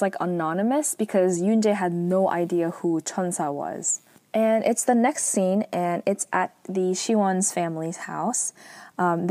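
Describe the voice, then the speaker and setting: A woman's voice: medium pitch, dark tone, dry recording. A woman casually recapping a drama episode, chatty and full of fillers.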